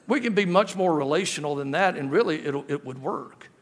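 A man preaches a sermon in a folksy way, often restarting and repeating his words. His voice sits a little high for a man. The sound rings with the long reverb of a church hall. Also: expressive, brisk. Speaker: guest pastor.

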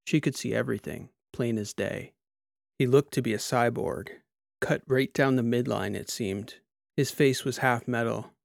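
Brief: man narrating fiction, measured pace, gravelly tone, dry close sound. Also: mid-range voice, no room sound. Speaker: audiobook narrator. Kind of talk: scripted narration.

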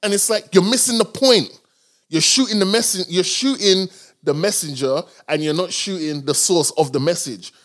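Podcast co-host, man, slightly higher voice, slangy and animated, chatty delivery. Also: moderate pace. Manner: animated, slangy, puts on comic voices when quoting others. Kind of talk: casual chat.

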